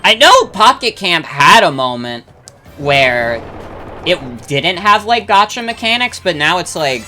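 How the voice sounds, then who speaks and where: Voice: mid-range voice, big pitch swings, unhurried, sharp tone, a little hiss or hum. A young adult game streamer chatting casually while playing, rambling with lots of fillers and swearing freely. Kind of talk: casual chat while gaming, reading chat.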